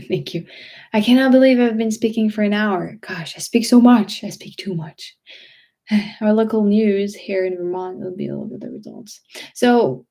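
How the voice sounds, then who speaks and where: A woman's voice: medium pitch, warm tone. A woman from France with a French accent, chatting casually as host of a livestream, rambling with many restarts and fillers. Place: home.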